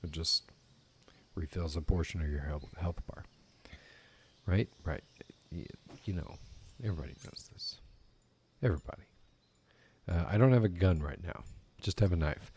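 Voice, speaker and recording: A man's voice: low-pitched, moderate pace, a little mellow, a little hiss or hum. A man giving casual let's play commentary while gaming, rambling and swearing casually. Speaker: gaming YouTuber.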